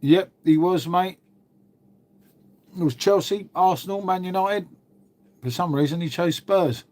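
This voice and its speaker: Sweary laid-back bloke. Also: male voice, sits high, a little slow, darkish tone. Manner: laid-back, sweary, says mate and innit a lot. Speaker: livestream host reading chat. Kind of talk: casual chat.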